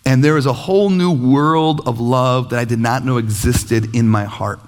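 A male pastor in his thirties preaching a sermon with animated, self-deprecating stories about parenting. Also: medium pitch, moderate pace.

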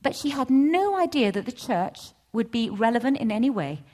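A middle-aged woman giving a testimony at a church session, storytelling with lively acted-out dialogue. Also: moderate pace. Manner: animated storytelling, acts out voices with big pitch jumps. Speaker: church speaker. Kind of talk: testimony sermon.

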